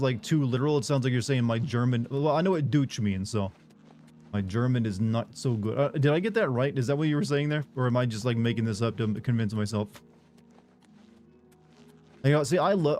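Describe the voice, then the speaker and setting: A man's voice: medium pitch, darkish tone. A man streaming a video game, chatting casually with viewers in a rambling, filler-heavy way with frequent swearing. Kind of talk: casual live stream chat.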